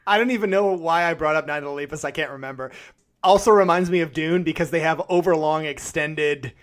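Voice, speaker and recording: A man's voice: on the high side, fairly quick. Podcast guy ranting casual, swears a lot, acts out little bits of dialogue. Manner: animated, swears freely, acts out reactions. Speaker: podcast co-host. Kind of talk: casual chat.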